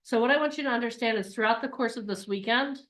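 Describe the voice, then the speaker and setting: Animated bright-voiced woman coach. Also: fairly high pitch, fast talker. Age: 40s. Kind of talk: live online workshop talk.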